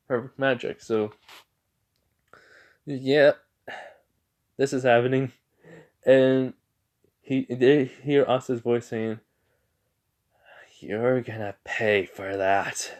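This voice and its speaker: A man narrating a fan story in a rambling, halting way, often correcting himself. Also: medium pitch, a little mellow.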